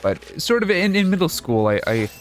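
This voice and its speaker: A man's voice: high-pitched, very animated, moderate pace, soft background music. A young man from Canada with a mild Canadian accent, casually rambling and self-correcting as he comments on a game he is playing. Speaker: gaming video host. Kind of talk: casual let's-play commentary.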